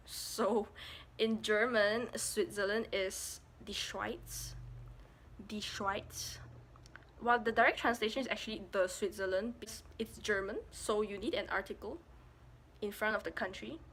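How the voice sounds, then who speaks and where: A young Malaysian woman with a Malaysian English accent vlogs in a casual, jokey style full of playful asides. Her voice is mid-range and a bit bright.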